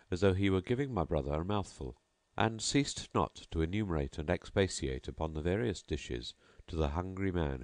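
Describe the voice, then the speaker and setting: A man narrating an old storybook tale in an expressive, theatrical reading. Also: low-pitched, dry recording. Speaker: audiobook narrator.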